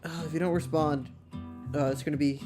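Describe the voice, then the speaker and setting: A man hosting a casual livestream from home, chatting playfully and rambling, and cooing at his dog in a high voice. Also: fairly even intonation, fairly quick, music in the background. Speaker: livestream host.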